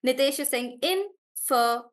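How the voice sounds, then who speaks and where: A woman's voice: sits high, animated, moderate pace. A woman from South India with a South Indian English accent, teaching pronunciation in a live online class, encouraging and breaking words into syllables.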